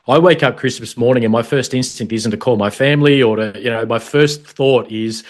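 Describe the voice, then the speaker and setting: A man's voice: medium pitch, a little fast. Frank, chatty Australian man. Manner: frank, chatty, swears casually. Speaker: podcast guest, former police officer. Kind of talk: casual interview chat.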